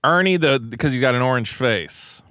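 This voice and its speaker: A man co-hosting a comedy podcast, riffing in an animated way and often slipping into mocking impressions. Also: medium pitch, normal speed, smooth, no echo, clean studio sound. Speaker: podcast co-host.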